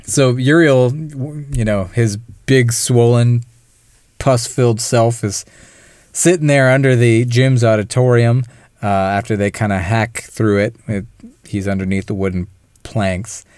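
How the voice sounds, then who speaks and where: A man's voice: medium pitch, fairly even intonation, unhurried, a little mellow, dry recording, clean studio sound. A man co-hosting a casual film podcast, retelling a plot in detail and acting out the characters' lines. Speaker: podcast co-host.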